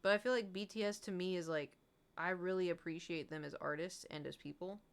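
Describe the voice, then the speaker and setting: A woman's voice: fairly low pitch, steady tone, a little fast, creaky, clean tone. A woman livestreamer in casual, rambling chat, candid and swearing freely with frequent laughs.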